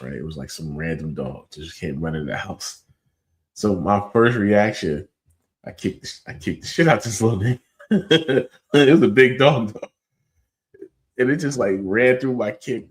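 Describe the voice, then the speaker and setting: Man, podcast host, very low voice, loose slangy storytelling, lots of "like" and "you know". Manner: animated, slangy storytelling with frequent fillers. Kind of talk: casual storytelling chat.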